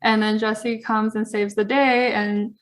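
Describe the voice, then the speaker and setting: A woman's voice: medium pitch, level tone, unhurried. A woman chatting casually as a podcast guest, earnest and rambling, with lots of fillers. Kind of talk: casual chat.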